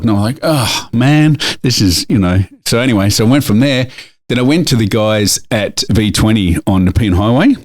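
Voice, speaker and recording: A man's voice: lowish voice, animated, moderate pace. A middle-aged man with an Australian accent co-hosting a podcast, telling a story in a rambling way with lots of fillers and restarts. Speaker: podcast co-host. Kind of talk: casual chat and storytelling.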